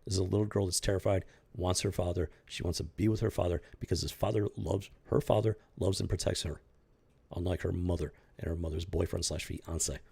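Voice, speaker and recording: A man hosting his own channel, giving casual spoken commentary in an earnest, halting way that keeps repeating and restarting phrases. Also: sits low, fairly even intonation, gravelly, warm tone, husky. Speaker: channel host commenting on a news story.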